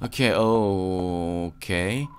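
Slow-talking, jumpy let's play gamer. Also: deep voice, slight background noise. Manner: slow, easily spooked, lots of nervous exclamations. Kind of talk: casual gameplay commentary.

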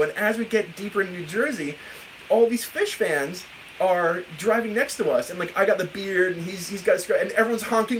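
A man's voice: high voice, a little hiss or hum, rough recording. A man, a guitar teacher chatting casually on a live stream, rambling and laughing through a story. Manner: rambling, self-interrupting, laughs often while telling stories.

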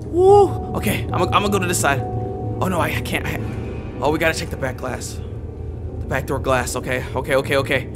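A young man giving excitable, jumpy commentary while playing a horror game, repeating himself and using slang. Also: a little high, moderate pace, over music. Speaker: gamer.

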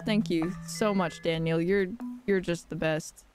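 A young woman live-streaming a game playthrough, playful and giggly, reacting out loud. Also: fairly low pitch, steady tone, a little slow, soft background music.

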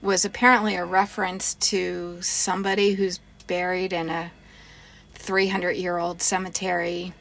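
A woman's voice: on the low side, flat delivery, moderate pace, vocal fry, a bit bright. A woman co-hosting a brewery review, chatting casually and listing details in a matter-of-fact way. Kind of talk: casual chat.

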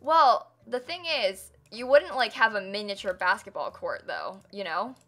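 A woman's voice: mid-range voice, lively intonation, a little slow, sharp tone. A young woman live-streaming a game build, chatting casually and laughing often as she thanks viewers. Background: faint music and keyboard typing.

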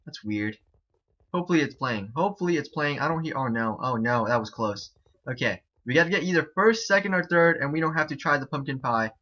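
A young man chatting excitably and repeating himself as he gives casual commentary on a game he is playing. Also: fairly high pitch, brisk. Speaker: gaming YouTuber. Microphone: desk mic, no headset. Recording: dull lo-fi home recording.

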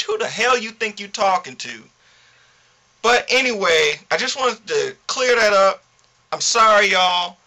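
Man, high pitch, very bright and tense tone, vlogger venting to camera, indignant, slangy. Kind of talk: ranting to camera.

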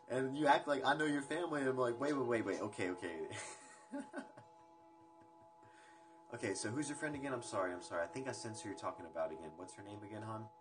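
A young man at home rambles through a casual livestream, chatty and unhurried, dropping the odd swear word. His pitch sits in an ordinary middle range. Music plays clearly behind him. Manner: rambling, loose and chatty, drops swear words. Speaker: livestream host. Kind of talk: casual livestream chat with viewers. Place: indoors at home. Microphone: phone livestream. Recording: music playing in the background.

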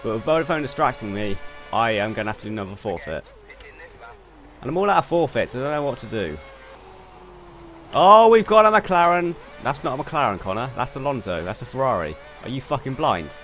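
A young man commentating on his own racing game run, excitable and quick to swear in frustration. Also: mid-range voice, faint music behind. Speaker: gaming YouTuber. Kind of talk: gameplay commentary. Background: faint game car engine noise.

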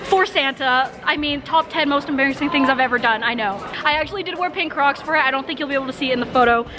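A woman's voice: sits high, fast talker. A woman vlogging in a bubbly, casual way who often coos at her puppy. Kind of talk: casual vlog chat.

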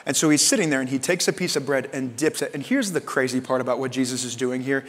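A man preaching a sermon as pastor in a conversational way, acting out quoted lines in lively voices. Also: mid-range voice, fast. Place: church sanctuary. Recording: long reverb of a church hall.

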